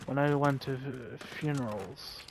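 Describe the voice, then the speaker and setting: A man slowly telling a heartfelt story in an earnest way, often repeating his phrases. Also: medium pitch, creaky, slight background noise. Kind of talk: storytelling monologue over gameplay.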